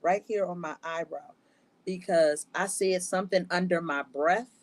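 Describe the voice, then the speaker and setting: Animated, laughing woman storyteller. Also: fairly low pitch, moderate pace, no echo. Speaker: podcast co-host. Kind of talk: casual chat.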